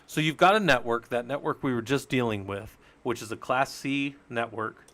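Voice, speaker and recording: A man's voice: mid-range voice, normal speed, fairly bright tone. Chatty man teaching on a live stream. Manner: chatty, explains step by step, jokes with chat. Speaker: live-stream Linux instructor.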